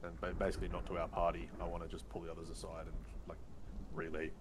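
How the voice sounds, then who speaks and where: Male tabletop player, deep and monotone, fast talker. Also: background noise. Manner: explains actions in rules terms. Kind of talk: casual tabletop game talk.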